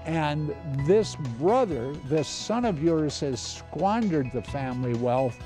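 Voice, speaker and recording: A man voicing a resentful elder brother in a dramatic scripture reading, complaining slowly and bitterly. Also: on the high side, expressive, warm tone. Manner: slow, complaining, aggrieved delivery. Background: faint music.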